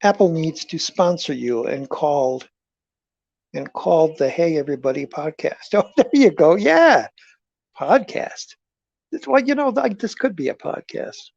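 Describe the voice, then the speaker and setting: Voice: medium pitch, lively intonation, a little slow, gravelly, a little mellow, dry recording. Live-stream host, rambling chat, stammers and repeats, talks to viewers, dull lo-fi audio. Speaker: live-stream host selling a movie collection.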